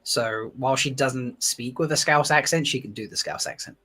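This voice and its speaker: A man's voice: medium pitch, moderate pace, slightly rough. A man from Essex, hosting a casual chat and animatedly quoting characters. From Essex, England. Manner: animated, laughing, quotes characters in voices. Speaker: host.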